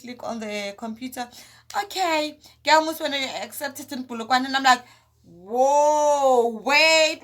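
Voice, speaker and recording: A young South African woman telling a story in a casual, chatty way. She acts out what everyone said as she goes along. Her voice sits a little higher than most women's. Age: young adult. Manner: animated, chatty, acts out others' lines. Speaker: vlogger.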